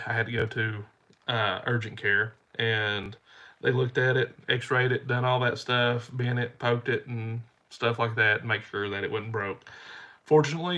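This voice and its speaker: A man's voice: medium pitch, bright, forceful tone. A man telling rambling, folksy stories to his camera while stuffy-nosed from a cold. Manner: rambling, repeats himself, folksy. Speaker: channel host. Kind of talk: casual storytelling to camera.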